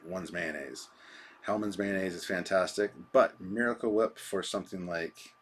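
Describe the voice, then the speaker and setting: Low husky guy rambling thru live chat comments, laid back and self-deprecating. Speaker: live stream host. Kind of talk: casual live chat, answering viewer comments.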